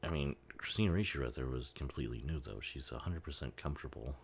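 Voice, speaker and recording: A man's voice: very deep voice, fast, gravelly, a little hiss or hum. A man giving a casual, rambling commentary over a film, laughing often and swearing freely. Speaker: movie commentary host.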